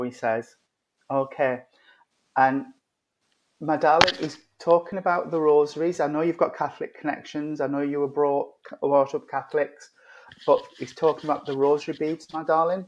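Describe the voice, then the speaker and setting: A man's voice: fairly high pitch, rough recording. A man acting as a spiritualist medium, relaying spirit messages and repeating his phrases, calling the listener darling.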